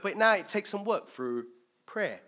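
A man preaching a conversational sermon, animated and thinking aloud, switching between loud emphasis and quiet asides. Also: sits high, unhurried. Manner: thinks aloud with restarts and acts out quotes.

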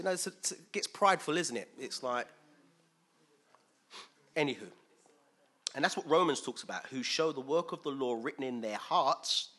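A man preaching a conversational sermon in a chatty, lively way, full of fillers and repeated words. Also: medium pitch.

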